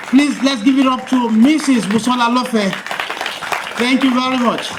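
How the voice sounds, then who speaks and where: A high-voiced male emcee who hosts a live event. He speaks with energy and keeps pulling the audience in. A faint hum of the hall runs underneath. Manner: rousing, engages the audience. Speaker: master of ceremonies.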